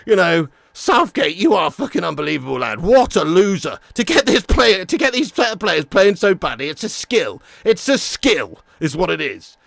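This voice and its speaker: High-pitched, gravelly man ranting. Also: big pitch swings, normal speed, hardly any pauses, no room sound, clean studio sound. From England. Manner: loud, swearing, blunt. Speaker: livestream watch-along host. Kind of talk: sweary live-stream rant and chat.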